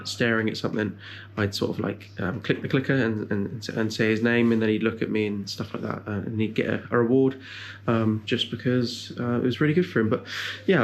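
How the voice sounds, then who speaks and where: A young man vlogging about his new puppy, switching between coaxing sing-song praise and rambling explanations full of ums. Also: fairly low pitch. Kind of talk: casual vlog chat.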